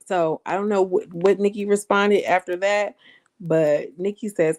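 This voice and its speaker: A woman commenting in a casual gossip vlog, animated, emphatic, slangy and blunt. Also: medium pitch, measured pace. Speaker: online commentator.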